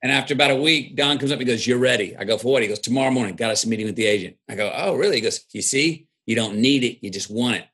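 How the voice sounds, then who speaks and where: A man's voice: mid-range voice, rapid-fire, hardly any pauses, fairly bright tone, breathy edge. A man telling stories in an interview, reflective and drawling, acting out the people he quotes. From Texas. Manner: drawling, reflective storyteller who acts out quoted voices. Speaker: guest. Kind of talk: storytelling interview.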